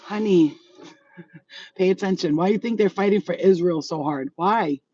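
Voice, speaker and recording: Walking outdoors through her residential neighborhood, a psychic medium rants bluntly into a handheld phone for her vlog, with lots of swearing. She speaks at a normal speed in a lowish, warm voice with a breathy edge. The recording is dry and lo-fi.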